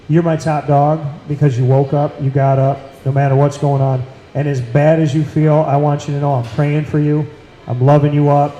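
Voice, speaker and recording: A man's voice: on the high side, flat delivery, normal speed, dark tone, dull audio. A man hosting a casual talk show with a Central New York accent, speaking in an earnest, emphatic way and repeating phrases for weight. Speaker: podcast host. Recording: echoey room.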